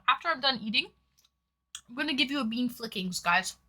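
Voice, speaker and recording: A woman's voice: high-pitched, lively intonation, fairly quick, pushed and bright. A woman streamer chatting casually with viewers, reading their messages aloud and swearing freely. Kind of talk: casual chat.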